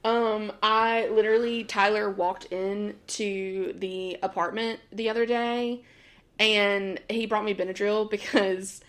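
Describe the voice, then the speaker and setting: A young woman co-hosting a podcast in casual chat, animated and laughing often, acting out what she and others said. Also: medium pitch, slow pace. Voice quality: animated, laughs often, quotes herself in voices. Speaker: podcast co-host.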